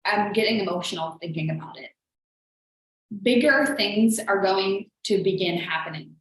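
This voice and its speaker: Speaking at normal speed in a medium-pitched, slightly bright voice, a woman business coach hosts a live motivational stream. She's chatty and earnest, with frequent "like"s, and the room echoes strongly.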